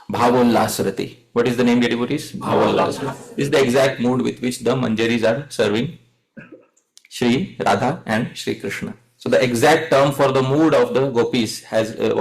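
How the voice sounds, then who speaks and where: A man leading a devotional class, speaking at an ordinary middle pitch. He keeps turning questions to his listeners, calling them dear devotees, and leads chants for them to repeat. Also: rough recording. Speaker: devotional teacher. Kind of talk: devotional lecture with call-and-response chanting.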